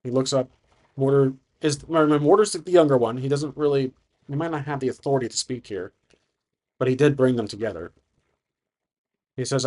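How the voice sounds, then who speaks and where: A man's voice: mid-range voice, fairly quick, pauses often, darkish tone. A man narrating a solo tabletop game, thinking aloud and hesitant, with frequent restarts.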